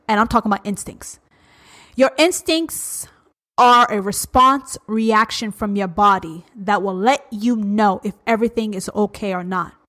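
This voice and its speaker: Woman, about forty, slightly high voice, solo podcast host, profane and confrontational. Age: 40s. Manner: blunt, profane and confrontational, swinging between loud and hushed. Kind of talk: uncensored solo podcast rant.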